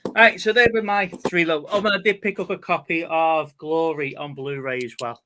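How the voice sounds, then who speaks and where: A man's voice: fairly high pitch, steady tone, moderate pace, background noise. A man hosting a casual chat about things he picked up, rambling and laughing easily. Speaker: host.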